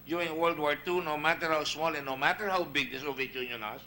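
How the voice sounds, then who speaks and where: A man's voice: fairly high pitch, brisk, hardly any pauses, bright, forceful tone, slight background noise, poor audio. A man with a Filipino accent chairing a senate hearing, questioning witnesses emphatically and wandering into asides. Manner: emphatic, digressive, reads out past exchanges.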